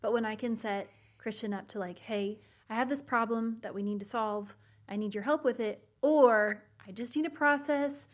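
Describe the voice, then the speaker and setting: A woman co-hosting a podcast chat, her voice a touch higher than most. She talks in a chatty, affirming way and keeps murmuring agreement while the other woman speaks. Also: normal speed. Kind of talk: podcast conversation.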